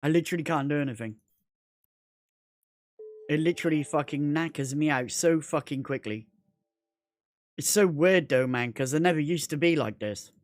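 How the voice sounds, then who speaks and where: A man's voice: on the high side, normal speed, pauses often, dry recording. A man chatting casually on a gaming livestream, rambling, repeating himself and swearing constantly. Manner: rambling, repetitive, heavy swearing.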